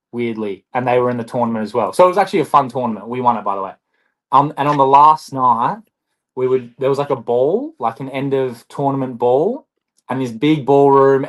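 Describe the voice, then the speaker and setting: This is a young man, a basketball player guesting on a podcast. He tells his stories in a chatty, rambling way, with restarts and lots of "like". His voice sits in a medium pitch range. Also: rough recording. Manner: chatty, rambling, animated storyteller. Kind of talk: casual podcast storytelling.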